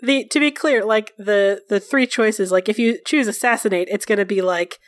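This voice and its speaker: A woman narrating as game master of a tabletop role-playing game, animated and laughing often. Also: mid-range voice, moderate pace, no room sound, clean studio sound.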